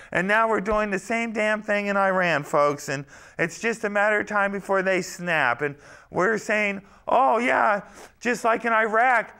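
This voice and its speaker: Profane ranting comic host, male; raised pitch, bright gravel. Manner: ranting, profane, keeps saying folks. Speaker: host of a parody talk show. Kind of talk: comic political rant.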